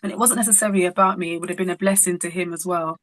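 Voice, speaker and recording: A woman's voice: lowish voice, racing, no echo. A woman, a singer-songwriter, telling a personal story as an interview guest and acting out the dialogue as she goes. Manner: animated, acts out dialogue in her stories.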